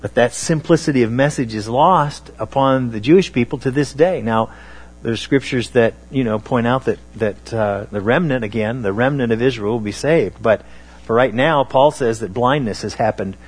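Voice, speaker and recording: A man preaching a sermon on scripture, talking in a halting way with many fillers and restarts. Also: mid-range voice, breathy edge.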